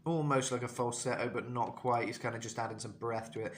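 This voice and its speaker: A man's voice: mid-range voice, steady tone, brisk. A young man giving a casual vocal lesson, talking loosely with self-mocking asides between demonstrations. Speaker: vocal coach.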